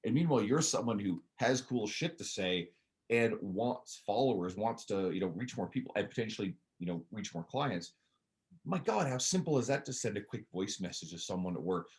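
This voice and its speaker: Deep-voiced Canadian man in his forties. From Newfoundland, Canada. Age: 40s. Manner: blunt, animated, swears casually. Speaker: podcast guest, personal trainer. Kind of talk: casual podcast conversation.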